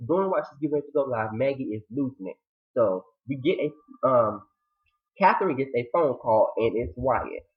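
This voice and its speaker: A man recapping a TV drama episode in a casual, animated retelling, acting out the characters' lines and his own reactions. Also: mid-range voice. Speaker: TV show reviewer. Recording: tinny phone-like audio.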